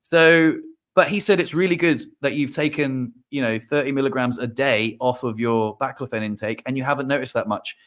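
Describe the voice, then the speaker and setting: A man co-hosting a casual chat, telling stories in an animated way and acting out his own panic. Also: medium pitch, fairly quick. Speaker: co-host.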